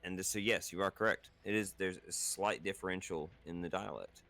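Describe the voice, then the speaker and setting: A man's voice: sits low, steady tone, fairly quick, creaky, a bit bright. A man playing a tabletop game, joking playfully with the table. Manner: playful, explains with laughter. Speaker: player.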